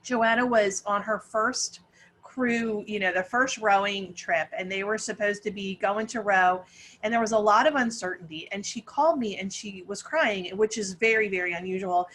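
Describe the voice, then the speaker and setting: A woman's voice: mid-range voice, normal speed, fairly bright tone, a little hiss or hum. A middle-aged woman, a parent panelist, telling a long story with many restarts over a video call.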